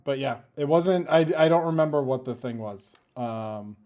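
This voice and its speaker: A middle-aged man co-hosts a casual podcast in a relaxed, easygoing way. His voice sits at an ordinary middle pitch. He mostly gives short replies and jumps in with asides. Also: normal speed. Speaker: podcast co-host. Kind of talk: casual chat.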